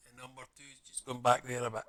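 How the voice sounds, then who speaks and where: A man's voice: mid-range voice, flat delivery, fast talker, fairly bright tone. A man chatting casually on a live stream, muttering to himself as he fits small parts together and talking to his viewers. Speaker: live streamer building a model kit. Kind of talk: casual live-stream chat while working. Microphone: streaming mic with adjustable audio settings.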